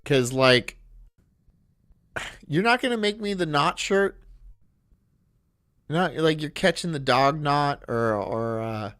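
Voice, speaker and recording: Male stream host, rambling crude banter, animated pitch, dry voice. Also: slow pace, pauses often, clean tone, no echo. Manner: rambling, laughing at his own jokes, loud bursts.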